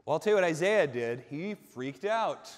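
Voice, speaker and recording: High-voiced man preaching a vivid sermon. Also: animated, moderate pace. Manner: vivid storyteller, swings from hushed to shouting. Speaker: pastor. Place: large church sanctuary. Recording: long reverb in a large sanctuary.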